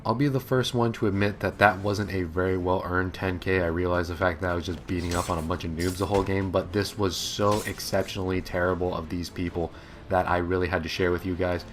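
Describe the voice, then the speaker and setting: A man's voice: low voice, flat delivery, a little fast, slight background noise. Sarcastic, amused young man's gameplay commentary. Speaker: gaming commentator. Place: home office.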